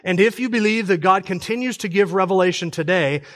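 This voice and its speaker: A man's voice: high-pitched, brisk, fairly bright tone. A man speaking at a conference in a church, arguing his point emphatically in a sermon. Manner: emphatic, argumentative.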